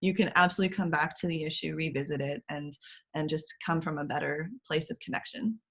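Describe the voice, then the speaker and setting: A lower-pitched woman coaching parents over a video call. She talks in a casual, animated way, full of fillers and small laughs, and often slips into sing-song imitations of children's voices. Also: quick pace, breathy edge. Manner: frequent fillers and light laughter. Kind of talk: casual explanatory talk as interview guest.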